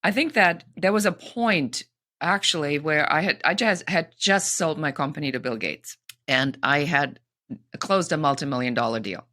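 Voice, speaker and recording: A woman who coaches people in business, a guest on an interview podcast, telling stories in an expressive way. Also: low-pitched, moderate pace. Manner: expressive, lively storytelling. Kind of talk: conversational interview.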